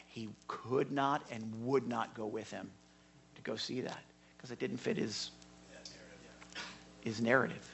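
Bright-voiced animated preacher. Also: male voice, medium pitch, a little slow, creaky, long pauses, husky. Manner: animated, repeats words and restarts. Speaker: pastor. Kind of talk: sermon storytelling.

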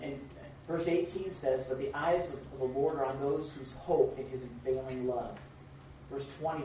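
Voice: mid-range voice, mellow. Echoey, distant Bible study leader. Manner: conversational, full of rhetorical questions; acts out little scenes with raised voice. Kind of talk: informal Bible study teaching. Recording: echoey room, far off, dull and faint hiss.

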